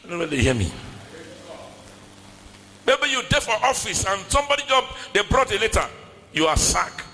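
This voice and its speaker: A man's voice: fairly high pitch, pushed and bright, in a large hall, a little hiss or hum, low-quality recording. A man preaching a sermon in a church with a West African accent, emphatic and repetitive, calling out to the congregation. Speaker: pastor.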